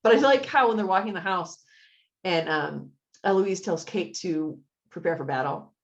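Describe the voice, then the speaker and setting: A woman's voice: on the low side, normal speed, highs cut off. A woman co-hosting a casual podcast chat, laughing often and acting out quoted lines. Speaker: podcast co-host.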